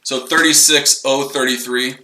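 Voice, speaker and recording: A man's voice: medium pitch, fairly even intonation, moderate pace, bright, forceful tone, roomy sound, rough recording. A man hosting a casual live trading stream, rambling and repeating himself as he explains his trades. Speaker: trading livestream host.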